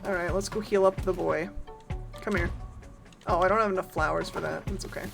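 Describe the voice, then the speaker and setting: A woman with a lowish, creaky voice talks fairly quickly but leaves long pauses during a casual gaming live stream. Over the game music she giggles, stays animated, greets chat, and swears freely.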